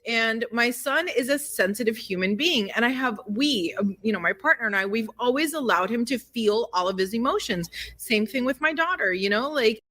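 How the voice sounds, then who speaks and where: A middle-aged woman co-hosting a spiritual podcast, chatting loosely and emotionally. Her voice is bright and fairly high. She strings thoughts together with lots of "like" and "you know". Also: animated, moderate pace, few pauses. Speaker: podcast co-host. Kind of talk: casual chat.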